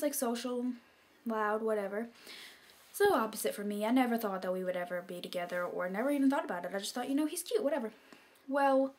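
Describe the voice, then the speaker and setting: A young woman tells a story to her viewers in a relaxed, chatty vlog voice pitched a little high. Filler words run all through her talk. She drops to a soft whisper whenever she quotes someone. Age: young adult. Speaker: vlogger.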